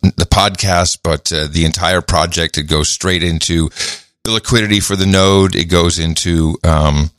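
Deep-voiced man in casual podcast chat. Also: fairly even intonation, normal speed, a bit bright, no room sound, clean studio sound. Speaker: podcast co-host.

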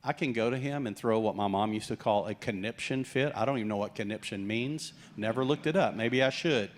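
Joking, animated pastor preaching. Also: male voice, lowish voice, a little fast, slight background noise. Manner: jokey, animated preaching with acted-out quotes. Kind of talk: sermon.

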